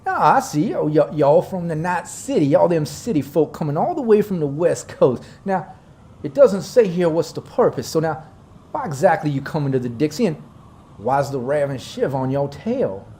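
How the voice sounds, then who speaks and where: Southern-drawl gang boss, folksy, mock-polite, a touch high and loud, a game master doing the voice. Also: male voice, sing-song, moderate pace. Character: smooth-talking southern male gang boss.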